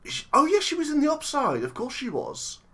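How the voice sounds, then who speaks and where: A man's voice: very high voice, huge pitch swings, fairly quick, bright, forceful tone. A tired man in his thirties co-hosting a casual film-review podcast, rambling and teasing his co-host and laughing often. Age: 30s.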